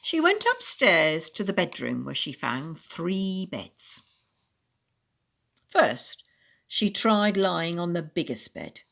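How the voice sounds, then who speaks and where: A woman reading a children's story aloud in an expressive storytelling manner. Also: on the low side, slow pace, gravelly.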